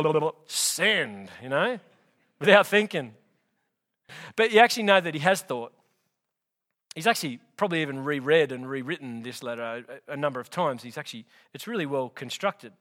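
A man's voice: fairly high pitch, a bit bright. A man preaching a sermon, teaching through a Bible letter in an emphatic, conversational way and speaking straight to his listeners.

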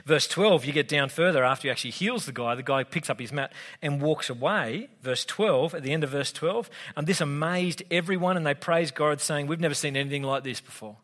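Australian male pastor, slightly high voice, chatty joking sermon, long reverb hall. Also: moderate pace, hardly any pauses, fairly bright tone. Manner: casual, conversational, humorous asides.

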